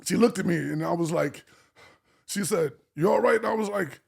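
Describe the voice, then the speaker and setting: A man from Arkansas telling an animated life story as a podcast guest, acting out the people he quotes and swearing freely. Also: fairly high pitch, moderate pace, creaky, breathy edge. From Arkansas, USA.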